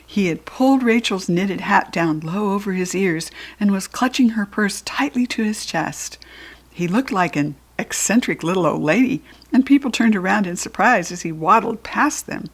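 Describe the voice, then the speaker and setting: A woman with an American accent reading a children's storybook aloud in a lively, expressive way. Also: mid-range voice, normal speed. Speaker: children's book reader.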